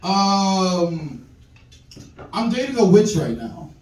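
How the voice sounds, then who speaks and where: A man performing a stand-up comedy set in a club, animated and acting out other people's voices. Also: high-pitched, slow, roomy sound, distant mic, noisy background. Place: comedy club with live audience.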